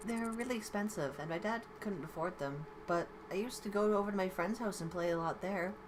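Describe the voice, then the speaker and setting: A woman's voice: medium pitch, brisk, background noise, natural voice. A woman as a shy, nervous schoolgirl. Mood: chatty. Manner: hesitant, stumbling. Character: shy nervous young female student.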